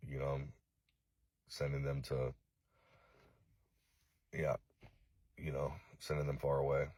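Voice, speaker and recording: A distraught man from Los Angeles making a halting, profane, remorseful apology video, full of fillers. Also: a bass voice, completely flat delivery, darkish tone, no room sound. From East Los Angeles.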